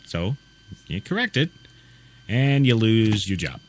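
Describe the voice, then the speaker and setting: Male talk radio host, low voice that swings widely, indignant and sarcastic ranting. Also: very animated, takes it slowly. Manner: indignant, sarcastic, rhetorical questions. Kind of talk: ranting opinion commentary.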